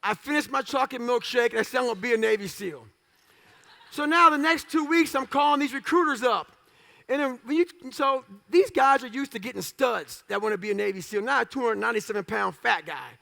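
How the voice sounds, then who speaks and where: A man telling his life story as a motivational speaker, blunt and profane in punchy short phrases, now and then bursting out loudly. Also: very high voice, fairly quick, creaky. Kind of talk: storytelling talk.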